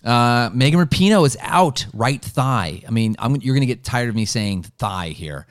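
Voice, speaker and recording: A man's voice: medium pitch, animated, moderate pace, dry recording, clean studio sound. A man co-hosting a casual sports podcast, rambling with lots of "like" and "um" as he runs through picks. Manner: rambling, full of "like" and "um". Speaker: podcast co-host.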